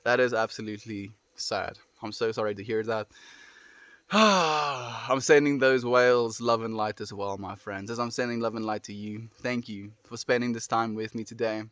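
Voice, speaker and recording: A man with a South African accent, chatting casually and gently with viewers on a livestream, often trailing off softly at the ends of phrases. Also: medium pitch, normal speed, no echo. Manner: gentle, affirming, soft trailing endings.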